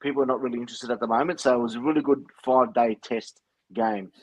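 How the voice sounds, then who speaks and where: A man co-hosting a casual sports chat who speaks haltingly and restarts often. His voice is mid-pitched, and the recording is dry with no room sound. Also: steady tone, no echo. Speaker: podcast co-host.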